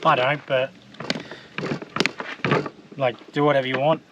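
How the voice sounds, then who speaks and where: This is casual cooking-vlog talk from an Australian man, relaxed, jokey and full of fillers as he cooks on camera. His mid-range voice stays level and unhurried. The audio sounds dull, and background noise is present.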